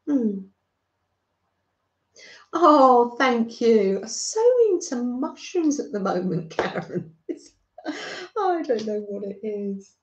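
Brief: unhurried middle-aged British woman, motherly craft streamer, roomy dull home audio. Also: medium pitch, vocal fry. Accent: British English. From Britain. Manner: soft, motherly, chatting to viewers with frequent little laughs. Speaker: craft livestream host. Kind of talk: gentle chatty livestream.

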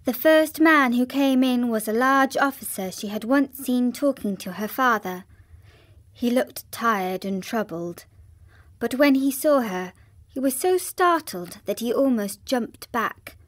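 A woman narrating a children's classic in a gentle, even storytelling manner, with a synthetic sound. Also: fairly high pitch, measured pace.

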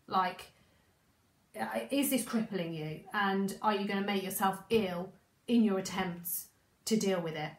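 A woman coaching in a casual spoken training talk. She chats, repeats herself, restarts sentences and acts out inner thoughts, and her voice is croaky. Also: medium pitch, reverberant, low-quality recording.

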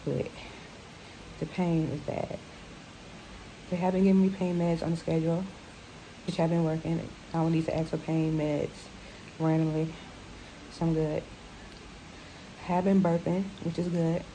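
A woman vlogging from a hospital room after surgery, out of breath with a sore throat, talking quietly and tiredly into her phone. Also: low-pitched, little pitch movement, normal speed, pauses often. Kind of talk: casual video diary. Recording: noisy background hiss.

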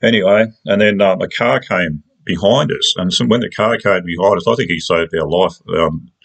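A man's voice: low voice, normal speed, gravelly, breathy edge. A man with an Australian accent, telling a personal story in a casual, rambling, colloquial way. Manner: rambling, colloquial, with many restarts.

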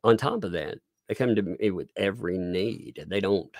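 A man's voice: sits low, normal speed, darkish tone, no echo, studio quality. A middle-aged man giving sarcastic live-stream commentary while reading court documents, with chuckling asides and frequent restarts.

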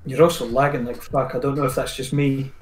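Sweary gamer in a roomy echo. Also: male voice, mid-range voice, flat delivery. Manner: sweary, quick to get worked up. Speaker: streamer. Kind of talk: casual gaming chat. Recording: roomy echo, faint background noise.

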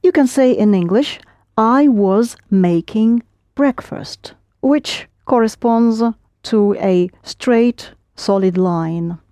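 A woman's voice: a little high, slow pace, mellow, dry recording, studio quality. A woman teaching a language lesson, explaining patiently step by step and prompting her students.

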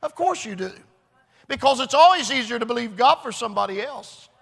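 A male preacher delivering a revival sermon with a strikingly high, bright voice. He hammers his points through repetition and swells toward shouting. A long hall reverb trails behind every phrase. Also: expressive, a little fast, vocal fry. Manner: earnest, repetitive, building to shouts. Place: large church hall.

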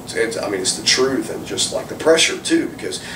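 A male wrestler chatting casually in an interview, animated and swearing freely. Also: lowish voice, fairly quick. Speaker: professional wrestler guest. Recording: roomy, distant mic with background noise.

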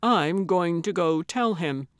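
A woman's voice: lowish voice, expressive, takes it slowly, dry recording, studio quality. A woman voicing an earnest, principled man. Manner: earnest and pleading.

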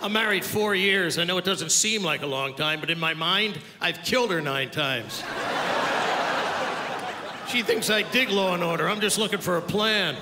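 A man's voice: high-pitched, normal speed. An older male stand-up comedian doing crude, brash crowd work on stage, bantering with the audience. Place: live comedy club stage. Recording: live club recording, roomy with loud crowd noise.

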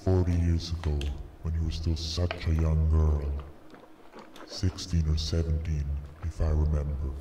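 An actor playing a sinister old man in a horror game, speaking slowly, calmly and with menace. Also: very deep voice, noisy background. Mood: menacing. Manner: slow, calm and menacing. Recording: echoey distant game audio.

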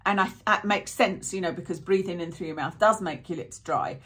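Chatty woman, lowish voice. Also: fairly quick, fairly bright tone. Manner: rambling, self-interrupting, chatty. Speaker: beauty vlogger. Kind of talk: chatty product review.

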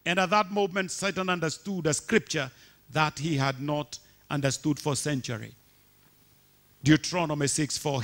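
Fiery high-pitched male preacher. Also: fairly even intonation, normal speed, fairly bright tone. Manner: impassioned, repeating rhetorical questions to the congregation. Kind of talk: sermon.

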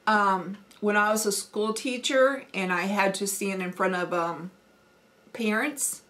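A woman's voice: mid-range voice, unhurried, fairly bright tone. A middle-aged woman with a Midwestern accent, chatting casually with folksy asides and lots of ums. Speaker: homesteading vlogger. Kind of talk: casual accent challenge chat.

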